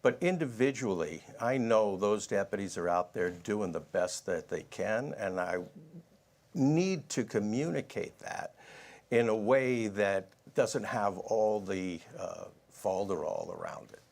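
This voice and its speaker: A man who is a sheriff candidate, answering a debate question in a halting, anecdotal way with many fillers. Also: on the low side, lively intonation, vocal fry, a little mellow.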